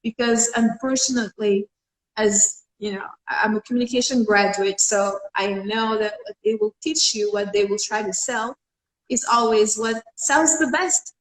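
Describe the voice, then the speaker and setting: A woman's voice: fairly high pitch, fairly even intonation, moderate pace, echoey room, low-quality recording. A young woman from Senegal speaking with conviction as an interview guest, with some fillers. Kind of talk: casual interview talk.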